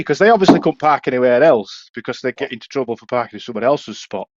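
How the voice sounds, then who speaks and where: A man's voice: medium pitch, racing, no room sound, highs cut off. A young Yorkshire man, a podcast co-host, telling a casual story and swearing freely. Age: young adult. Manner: swears freely, lively anecdotes.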